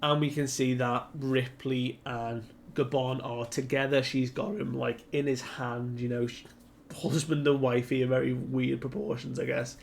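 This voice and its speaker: A man casually recapping a comic chapter in a relaxed, rambling way with lots of fillers. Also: mid-range voice, a little slow, gravelly, slight background noise. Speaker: manga commentator.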